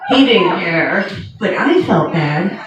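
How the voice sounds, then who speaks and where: Slow, wry woman comic in an echoey room. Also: fairly low pitch, lively intonation, crowd noise. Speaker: stand-up comedian. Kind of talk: stand-up comedy set. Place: comedy venue. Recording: echoey room heard from far off, with noise.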